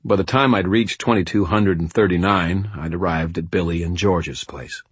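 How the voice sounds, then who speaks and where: A man's voice: low voice, moderate pace, breathy edge, no room sound. A man narrating a first-person audiobook in a tense, gritty storytelling manner.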